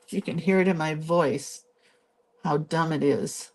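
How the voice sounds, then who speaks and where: Woman host of a relaxed live doodle lesson, talking slowly and chattily as she draws, on a phone mic. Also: fairly low pitch. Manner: chatty, thinks aloud while drawing. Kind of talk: casual live drawing tutorial. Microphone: phone camera.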